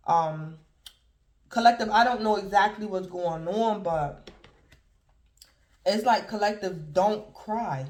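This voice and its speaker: A woman's voice: medium pitch, takes it slowly, long pauses, darkish tone. A woman giving a casual tarot reading to her viewers, talking in a loose, repetitive, conversational way. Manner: repetitive, conversational, keeps addressing the collective. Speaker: tarot reader.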